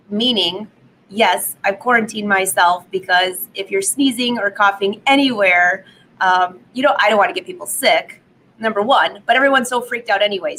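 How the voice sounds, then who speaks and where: A woman hosting a live sewing vlog from her home studio, slightly hoarse from a cold, chatty and upbeat, laughing at her own jokes. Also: medium pitch, sharp tone, slight background noise, rough recording. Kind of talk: casual live stream chat.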